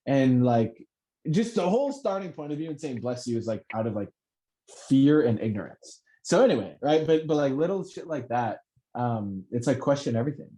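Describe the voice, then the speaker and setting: Mellow-voiced man, profane pep talk. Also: mid-range voice, normal speed, poor audio. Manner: profane, animated, self-help pep talk. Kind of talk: casual motivational chat.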